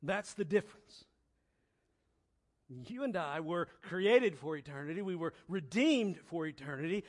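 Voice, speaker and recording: High-voiced guy preaching slow, goes quiet then builds up loud, repeats his lines. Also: lively intonation. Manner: swings from quiet, low reflection to loud, high-pitched emphatic exhortation; slow, deliberate delivery with repeated phrases. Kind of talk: sermon.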